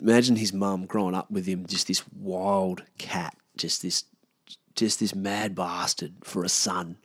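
A man's voice: sits low, slightly rough, dry recording, studio quality. A man in his thirties with an Australian accent, telling stories from his past in a casual, laid-back way, swearing freely and often trailing off. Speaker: podcast host. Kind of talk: casual storytelling monologue.

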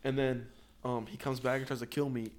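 A man's voice: mid-range voice, level tone, fairly quick. A man chatting casually about a game, telling his own story with laughs. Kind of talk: casual gaming chat.

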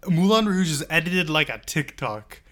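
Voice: mid-range voice, lively intonation, normal speed, heavy background noise. A podcast co-host in casual chat, making sarcastic, profane jokes with laughing asides.

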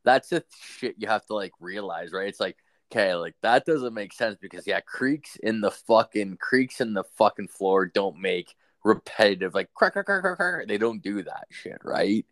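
A man's voice: on the low side, moderate pace, dry recording. A young man hosting a podcast, telling a story in a loose, rambling way, swearing constantly and leaning on fillers. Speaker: podcast host. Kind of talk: casual storytelling.

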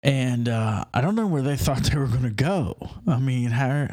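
A man's voice: medium pitch, animated, normal speed, darkish tone, dry recording. A man talking casually in a rambling, enthusiastic monologue, full of hesitations and restarts.

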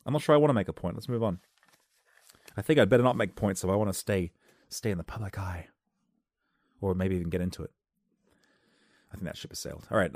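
A man doing a rambling comic monologue into a close microphone, wry and self-interrupting, with sudden loud outbursts. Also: lowish voice, no echo. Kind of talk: comedic podcast monologue. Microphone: close studio microphone.

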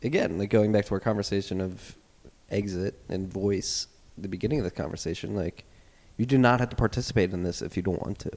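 A man hosting a podcast, his very low voice rolling through earnest, rambling thoughts with the odd curse. There's a long reverb tail around him, as if the room were hard and open. It is relaxed, free-flowing conversation. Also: fairly quick, hardly any pauses. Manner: earnest, rambling, swears freely. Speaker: podcast host. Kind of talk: casual podcast chat.

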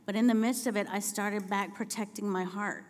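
A woman preaching a sermon in a church, telling personal stories and building to impassioned, shouted appeals. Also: medium pitch, steady tone, moderate pace, long reverb tail. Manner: storytelling, rising to impassioned shouting. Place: church sanctuary.

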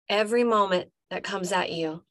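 A woman's voice: medium pitch, measured pace, a bit bright, dry recording. A woman life coach giving a motivational podcast monologue, emphatic and talking straight to the listener, repeating punchy phrases.

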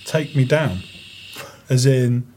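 A man's voice: medium pitch, slow pace, a little mellow, slight background noise. A man telling an anecdote hesitantly, full of fillers, in casual chat. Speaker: podcast co-host.

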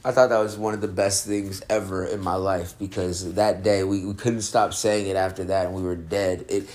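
This man's voice sits low with little pitch movement, a moderate pace, and a slightly mellow quality. He hosts a casual music-review podcast, stoned and relaxed, rambling and laughing frequently as he talks.

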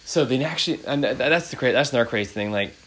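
A man's voice: medium pitch, lively intonation, fast, fairly bright tone, poor audio. A man in his thirties hosting a podcast, chatting casually and rambling with many fillers. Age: 30s. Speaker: podcast host.

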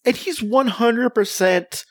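A man's voice: very high voice, takes it slowly, dry recording. A man co-hosting a podcast in casual chat, rambling with lots of fillers and restarts. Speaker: podcast co-host.

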